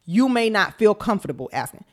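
Frank woman with a lively voice. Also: medium pitch, a little fast. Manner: frank and laughing, swears freely. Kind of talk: casual banter.

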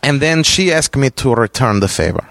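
A man's voice: mid-range voice, normal speed, gravelly, no echo. A man hosting a podcast, telling stories in casual chat and laughing often as he goes. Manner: laughs often, animated storyteller.

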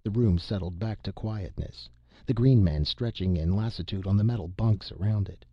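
Male narrator for steady storybook reading; very deep voice, dull, muffled, dry recording. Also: normal speed, breathy edge, no room sound. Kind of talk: audiobook narration.

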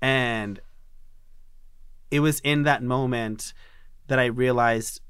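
A man in his twenties candidly telling a personal story on a talk show, profane and animated. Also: mid-range voice, takes it slowly, clear, resonant tone.

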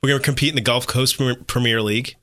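A man guesting on a radio show as a soccer club board member, with dry, deadpan humor. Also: medium pitch, rapid-fire, dry recording. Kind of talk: casual radio chat. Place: radio studio.

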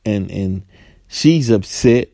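This man's voice is fairly low, expressive and mellow, with vocal fry and a slow pace, recorded dry. Talking casually to camera, he acts out little scenes in different voices, punctuates points with "right?", and repeats words and uses fillers here and there.

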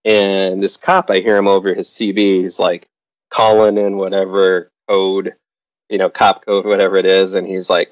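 A middle-aged man with a low voice talks at normal speed, telling an audience about something that happened to him. He's lively and mimics the people in the story, and the dull lo-fi recording carries no room sound.

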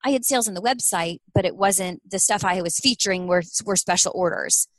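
A woman's voice: mid-range voice, brisk, fairly bright tone, no room sound. A middle-aged woman who runs a small clothing business, answering interview questions earnestly and acting out quoted dialogue.

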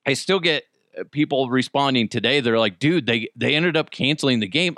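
A man hosting a solo commentary show, ranting with heavy swearing and swinging between loud outbursts and low muttered asides. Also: brisk, no room sound, studio quality. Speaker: show host.

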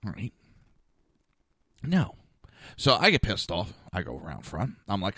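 Animated man telling a story, dry sound. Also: fairly low pitch, unhurried, pauses often, breathy edge, no room sound. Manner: animated, exasperated, acts out dialogue. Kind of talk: casual personal storytelling.

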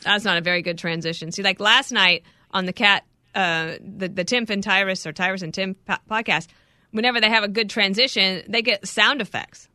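A woman co-hosting a podcast, chatting casually with quick jokes and asides. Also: medium pitch, sharp tone, no room sound, studio quality. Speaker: podcast co-host. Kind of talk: casual chat.

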